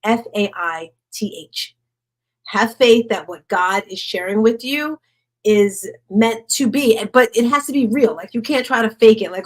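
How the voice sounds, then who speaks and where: A woman hosting an online motivational session, talking fast and with energy, and she grew up in the North. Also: medium pitch. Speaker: host. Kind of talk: motivational group talk.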